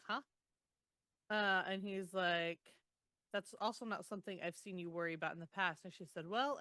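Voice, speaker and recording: A woman co-hosting a podcast, casually retelling book chapters with groans, laughs and animated quotes. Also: lowish voice, clear, resonant tone, no echo. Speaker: podcast co-host. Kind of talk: casual book recap chat.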